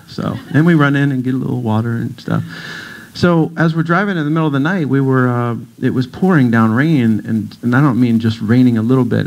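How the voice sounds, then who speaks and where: A middle-aged man with a gravelly edge gives a casual talk to a church audience. He is a playful storyteller who slips into other people's voices for laughs. His pitch sits in the middle of the range. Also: a little mellow, low-quality recording. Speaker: guest speaker, breathwork teacher. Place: congregation hall.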